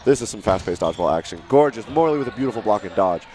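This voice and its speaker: Excitable male dodgeball commentator. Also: on the low side, racing. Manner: excitable, shouts at big plays. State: out of breath. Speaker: play-by-play commentator. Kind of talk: live sports commentary.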